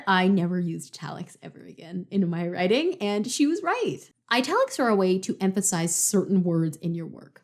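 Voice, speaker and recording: Young woman vlogging writing tips, reads bits of prose out loud then picks them apart, chatty, mid pitch. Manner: chatty, reads example passages aloud then questions them. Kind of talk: casual explanatory writing tips.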